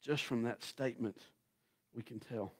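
A man preaching a sermon as guest pastor, telling the story in a folksy, dramatic way that swings from loud to hushed. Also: medium pitch, normal speed, breathy edge.

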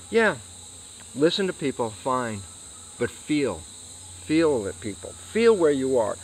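A man's voice: fairly high pitch, a little slow, poor audio. A man, an interview guest, explaining science and acting out his own questions and answers. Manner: animated, acts out questions and answers to himself.

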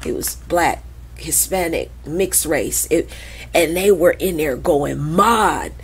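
A woman in her forties, a podcast guest who tells stories in a lively, profane way and acts out the voices of people she quotes. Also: low-pitched, slow, husky. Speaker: podcast guest, krump dancer. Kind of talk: animated storytelling in conversation.

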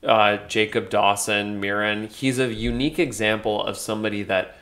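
A man's voice: on the low side, steady tone, moderate pace, fairly bright tone. A young man co-hosting a casual podcast, talking in a chatty, hesitant way with lots of fillers and restarts. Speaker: podcast co-host. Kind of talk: casual conversational podcast chat.

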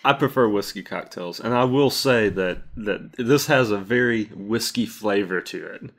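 A man's voice: fairly low pitch, moderate pace, fairly bright tone. A man co-hosting a casual podcast, mostly giving short agreeable replies. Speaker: podcast co-host.

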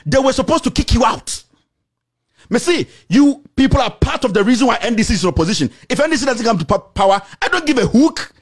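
A man with a Ghanaian accent delivering an angry, insulting rant to the camera, repeating himself and shouting. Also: extremely high pitch, animated, brisk. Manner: shouting, insulting, repetitive tirade. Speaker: political commentator.

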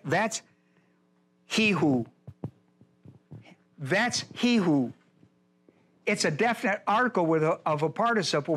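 A male pastor with a high, fairly bright voice teaches a Bible lesson. He speaks emphatically and directly to his class, repeating his points again and again.

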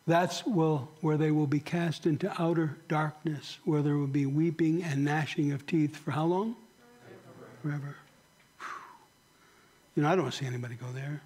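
A man's voice: a little high, a little mellow, husky. Earnest male pastor preaching. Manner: earnest, with rhetorical questions to the congregation. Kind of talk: sermon. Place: church sanctuary.

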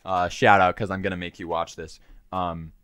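A man's voice: deep voice, little pitch movement, moderate pace, a bit bright, no room sound. A man co-hosting a casual comedy podcast, telling rambling stories full of swearing and fillers. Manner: rambling storyteller, swearing, lots of "uh"s. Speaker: podcast co-host.

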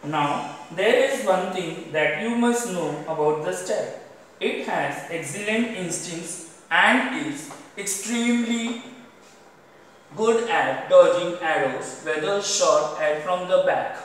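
A man's voice: high-pitched, takes it slowly, a little hiss or hum. A man with an Indian English accent, teaching a class by reading a story aloud, stopping to tell students which words to underline and what they mean. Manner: repeats "underline the word" between sentences. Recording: echoey room, voice far from mic.

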